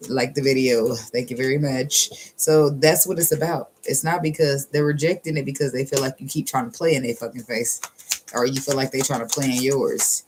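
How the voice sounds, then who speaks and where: A woman's voice: a bass voice, steady tone, background noise. Blunt, profane woman reading tarot. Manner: blunt, profane and sassy, laughs often; drawls some phrases slowly for emphasis. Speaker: tarot reader. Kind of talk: casual channeled tarot reading.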